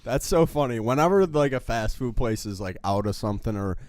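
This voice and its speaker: A man co-hosts a relaxed podcast, chiming in with quick jokes. His pitch sits in the middle but moves around a lot. The recording is dry and close. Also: dry recording. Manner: laughs along, chimes in with quick jokes. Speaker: podcast co-host. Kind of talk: casual chat.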